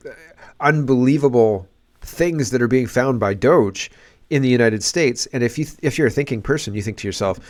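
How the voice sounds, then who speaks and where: A man's voice: mid-range voice, brisk. A man hosting a casual political commentary show, exclaiming and rambling in disbelief.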